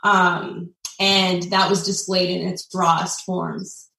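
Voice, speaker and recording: A woman in her forties from the United States, telling a personal story as a guest in an earnest, heartfelt way, pausing often with fillers. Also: lowish voice, flat delivery, gravelly, sharp tone. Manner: heartfelt, with frequent pauses and fillers. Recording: echoey room, distant mic.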